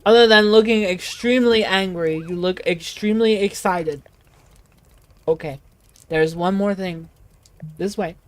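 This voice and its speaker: A woman voicing a big, gentle male tea shop keeper in a game, using a put-on foreign accent and formal, broken phrasing. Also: mid-range voice, measured pace, long pauses, lightly acted. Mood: cheerful.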